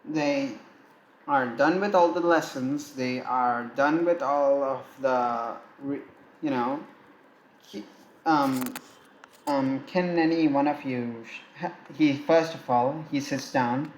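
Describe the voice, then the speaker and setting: A man's voice: mid-range voice, slow pace, muffled recording. A man casually reading out a fan-written story, rambling and interrupting himself, tired from many takes. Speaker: fan fiction narrator. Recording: echoey room with faint ambient noise.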